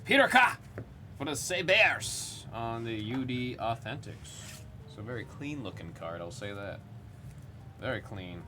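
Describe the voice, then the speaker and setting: A man in the middle of a card break, reading out the names on each card as it comes up. His voice sits at an everyday mid pitch, and a faint hiss runs under it. He rambles and jokes in a loose, casual way between the pulls. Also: very animated, measured pace, sharp tone. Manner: reads out player names as he goes. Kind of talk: live commentary while opening cards.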